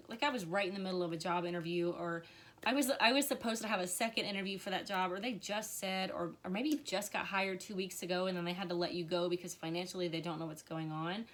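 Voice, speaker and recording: Woman tarot reader, chatty and emotional on a home live stream. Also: medium pitch. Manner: chatty, warm, emotional, many fillers.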